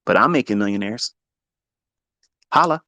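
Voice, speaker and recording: A man's voice: animated, normal speed, no room sound. Blunt, profane man lecturing on trading. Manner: blunt, profane, swings from low mutters to loud emphatic outbursts. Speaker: trading mentor. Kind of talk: unscripted motivational lecture.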